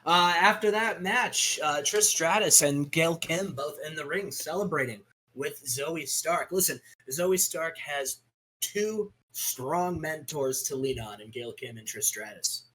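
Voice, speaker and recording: A man with a bright, sharp tone and a husky edge recaps wrestling matches in casual gaming commentary. His pitch sits a little high. He delivers hype-style calls, often leads with "listen" and trips over names. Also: lively intonation, a little slow, low-quality recording.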